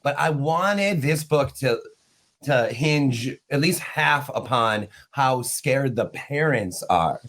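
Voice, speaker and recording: A middle-aged man, an author chatting casually on a video call, telling stories with laughs and quick asides. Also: medium pitch. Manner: animated, laughing storyteller. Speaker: author guest. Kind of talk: casual chat.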